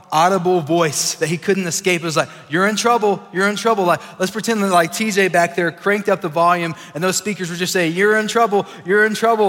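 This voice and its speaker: Young male preacher, casual and animated, acts out voices, slightly high voice, big hall reverb. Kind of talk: casual sermon to young adults.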